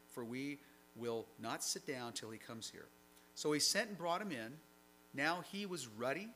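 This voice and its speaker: A man's voice: medium pitch, pushed and bright, a little hiss or hum, rough recording. A man preaching a sermon, reading scripture aloud and explaining it in a conversational way. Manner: reads passages aloud then comments conversationally.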